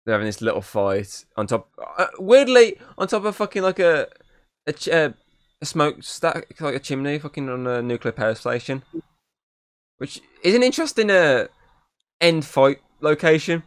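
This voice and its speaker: A man's voice: on the high side, big pitch swings, moderate pace, clean tone, dry recording, studio quality. A man co-hosting a film podcast, recapping scenes casually with lots of swearing and fillers. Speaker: podcast co-host. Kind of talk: casual film review chat. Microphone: podcast mic.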